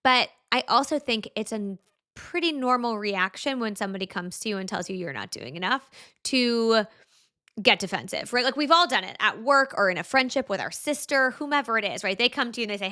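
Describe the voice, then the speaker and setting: A woman's voice: a little high, expressive, a little fast, sharp tone. A woman guest on a podcast, explaining things earnestly and casually, often checking in with "right?" and "like".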